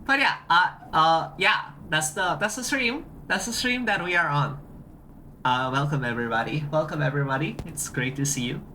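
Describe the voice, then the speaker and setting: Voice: medium pitch, moderate pace, bright, forceful tone, a little hiss or hum. A streamer chatting casually on a livestream, greeting chat and repeating phrases with lots of restarts.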